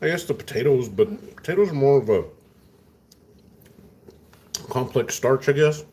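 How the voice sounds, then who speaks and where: A man's voice: medium pitch, lively intonation, normal speed, mellow, slight background noise. Laid-back West Texas man. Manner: laid-back, drawling, chats with viewers. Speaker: host. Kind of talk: casual chat while eating dinner.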